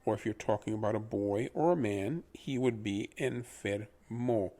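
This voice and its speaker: A man teaching pronunciation in a patient lesson, repeating each word slowly for the listener to copy. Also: on the low side, dark tone. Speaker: language teacher.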